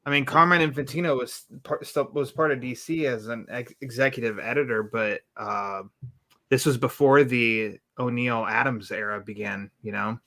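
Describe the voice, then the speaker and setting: A man's voice: mid-range voice, fairly even intonation, moderate pace, sharp tone. A man hosting a casual comics chat, enthusiastic and full of comic-history detail. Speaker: podcast host.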